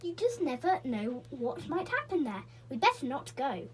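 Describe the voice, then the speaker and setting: A woman's voice: sits high, sing-song, moderate pace, pitched above the performer's own voice, rough recording. A woman voicing Joe, a cautious, sensible boy in a storybook, talking in an earnest, careful way.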